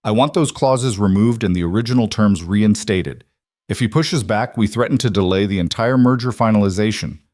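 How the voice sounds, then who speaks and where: A man's voice: fairly low pitch, moderate pace, darkish tone, no room sound, clean studio sound, lightly acted. A man voicing a curt, demanding billionaire executive who speaks in short commanding lines.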